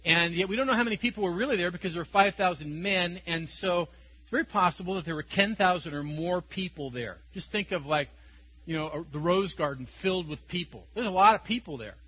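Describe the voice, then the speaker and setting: Male preacher, high-pitched, slightly husky, chatty and chuckling, dull lo-fi sound. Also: fairly quick. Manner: conversational, tells stories with chuckles. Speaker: pastor. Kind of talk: sermon.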